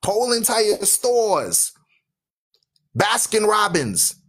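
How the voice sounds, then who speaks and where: A man hosting a radio talk show who preaches loudly and emphatically, asking listeners "right?" and driving points home with rhythmic repetition. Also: high voice, very animated, slow pace. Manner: asks listeners questions with "right?".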